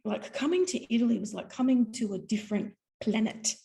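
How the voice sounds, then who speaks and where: An Australian woman, a podcast guest, telling a story in a lively, animated way and acting out voices. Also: on the high side, fairly quick, gravelly, low-quality recording. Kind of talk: storytelling interview.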